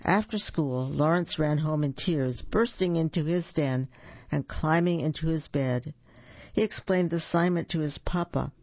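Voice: medium pitch, normal speed, darkish tone, no echo. A storyteller reading a picture book aloud with chatty asides to young listeners, in a dull, dry lo-fi recording.

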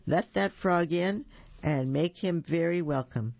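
Man doing a stern storybook king, firm, gravelly. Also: fairly high pitch, measured pace, a little mellow, no echo, pitched above the performer's own voice. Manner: firm, insistent. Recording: dull lo-fi recording.

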